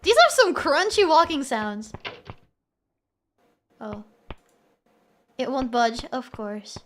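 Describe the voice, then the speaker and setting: A woman streams a horror game with playful, joking commentary and talks to her chat. Her voice is high and bright, and she speaks at an unhurried pace. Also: very animated, slight background noise. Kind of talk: casual gameplay commentary.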